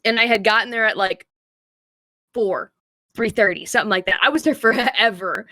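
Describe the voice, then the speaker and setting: A young woman co-hosting a podcast, telling a long story in a rambling, filler-heavy, animated way. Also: mid-range voice, moderate pace, no echo. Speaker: podcast co-host. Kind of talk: casual storytelling chat.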